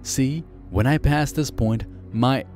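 A man doing a scared young girl in the dark. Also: takes it slowly, faint music behind, lightly acted. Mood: insistent. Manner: raised pitch, pleading and insistent. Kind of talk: audiobook character voice.

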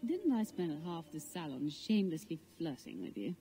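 A woman's voice: low voice, wildly swooping pitch, moderate pace, dark tone, slight background noise, heavily acted. An actress voicing a flirtatious, teasing noble lady in video game dialogue. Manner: teasing, genteel.

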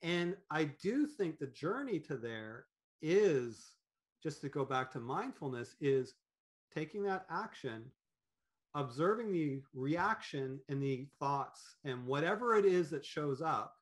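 A man talking as a podcast guest in an animated, rambling way, with many fillers and restarts. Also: fairly high pitch, measured pace. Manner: animated, acts out quoted thoughts in voices. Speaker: podcast guest, business owner. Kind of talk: conversational interview.

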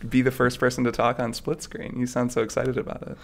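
Male podcast co-host, playful casual chat, gravelly texture. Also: mid-range voice, monotone, fast talker. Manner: playful, joking.

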